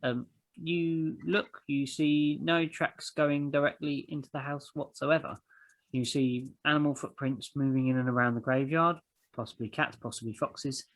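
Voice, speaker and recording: A man narrating as game master of a tabletop game, pausing often with ums as he describes the scene. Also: a little high, fairly even intonation, a bit bright, poor audio. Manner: hesitant, many ums while describing. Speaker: dungeon master.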